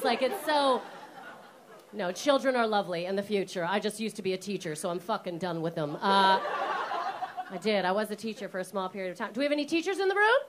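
A woman's voice: medium pitch, lively intonation, fairly quick. A woman doing stand-up in a comedy club, teasing the crowd and swearing freely. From Canada. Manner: brash, sweary, teasing the audience. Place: comedy club stage with audience laughter.

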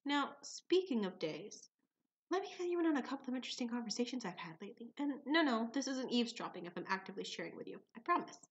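Give me a playful, theatrical woman telling comic stories in a slightly high voice. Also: big pitch swings, quick pace, dull audio. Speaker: vlogger. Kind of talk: comic storytelling vlog.

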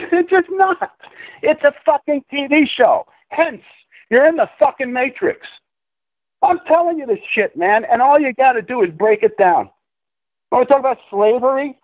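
Over tinny phone-line audio with no room sound, a man with an extremely high voice rants about a conspiracy as a guest on a call-in interview. He speaks at normal speed, lecturing, insistent, and profane.

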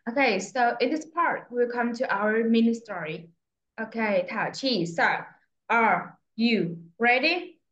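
A woman English teacher with a Vietnamese accent, slowly and patiently questioning a young pupil in a speaking test. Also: on the high side, fairly bright tone. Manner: slow, patient questioning, repeating prompts. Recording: echoey, dull lo-fi room sound.

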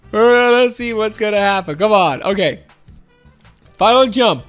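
A woman's voice: mid-range voice, measured pace, soft background music. A woman giving casual gameplay commentary, playful and coaxing her teammates, often laughing. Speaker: gaming commentator.

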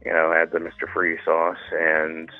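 A man's voice: very deep voice, completely flat delivery, normal speed, no room sound, faint music behind. A man calling in to a show, telling a story in a hesitant, rambling way full of fillers. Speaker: caller. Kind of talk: phone-in storytelling. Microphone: phone. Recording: tinny phone line.

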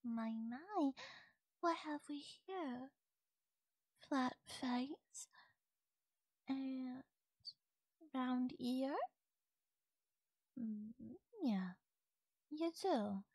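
A woman's voice: high-pitched, lively intonation, extremely slow, pauses often, a little mellow, no echo, studio quality, heavily acted. A voice actress playing a curious, naive young wolf-girl in an ASMR audio role-play, full of innocent questions. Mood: soft, wondering.

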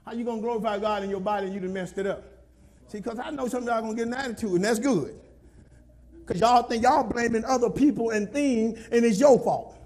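Speaking quickly in a very high pitch, a man preaches as pastor, scolding his congregation. He repeats himself and occasionally breaks into shouting.

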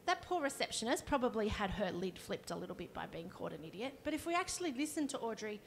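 A woman's voice: mid-range voice, sing-song, fast talker, gravelly, a little hiss or hum. A woman, a counsellor giving a conversational workshop talk and demonstrating as she explains. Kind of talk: live presentation to an audience.

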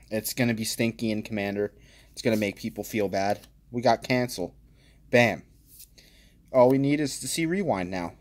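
A man hosting his own channel, casually commenting as he opens card packs, joking and reading card names aloud with bursts of excited exclaiming. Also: mid-range voice.

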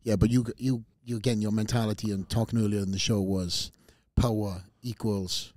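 A man hosting a podcast, steering the talk with quick jokes and questions. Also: lowish voice, steady tone, a little mellow, no echo, studio quality. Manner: steering, joking, quick interjections. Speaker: podcast host. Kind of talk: casual interview chat.

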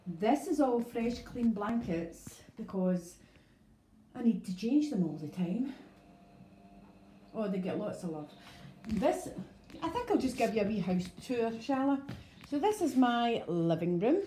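With big swings in her fairly high, mellow voice, a middle-aged Scottish woman speaks a little slowly on a casual home livestream, rambling and laughing often into her phone. She is a dog breeder, and the low-quality recording picks up slight background noise indoors.

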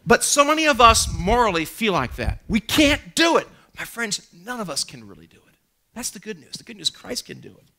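A man delivering a church sermon, his voice sitting a little high and ringing bright and forceful. He preaches with animated energy and drops in funny stories about himself. His sentences often restart with a stammer. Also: fairly quick. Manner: animated preaching with humorous asides and self-deprecating stories. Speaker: pastor. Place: church sanctuary.

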